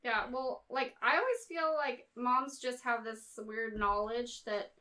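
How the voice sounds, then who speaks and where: Bright, high-voiced woman telling stories. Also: unhurried. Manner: animated, acts out quoted dialogue. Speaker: podcast co-host. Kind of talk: casual chat, storytelling.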